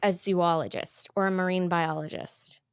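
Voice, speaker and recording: A woman's voice: lowish voice, fairly even intonation, moderate pace, clear, resonant tone, no room sound. A woman hosting a livestream, chatting casually and rambling with lots of "like". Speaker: YouTube livestream host. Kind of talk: casual chat.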